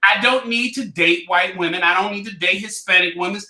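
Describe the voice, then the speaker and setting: A man's voice: high voice, a little fast, sharp tone. A man co-hosting a podcast, arguing in heated casual banter, combative and profane, firing off questions. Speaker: podcast co-host.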